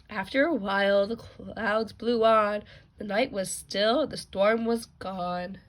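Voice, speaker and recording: A mother reading a bedtime picture book aloud to her children, expressive and gentle, with small asides. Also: mid-range voice, slow pace. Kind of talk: storybook read-aloud.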